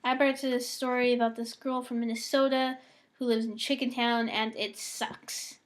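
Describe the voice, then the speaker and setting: A woman's voice: on the high side, level tone, a little fast. A young woman from the United States in a casual, bubbly vlog, reading words for an accent challenge. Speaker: vlogger.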